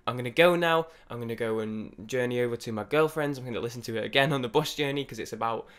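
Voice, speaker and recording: This young music reviewer gives fast, unscripted, excited first takes on an album, stumbling through many restarts and dropping some swear words. His medium-pitched voice has a clean tone.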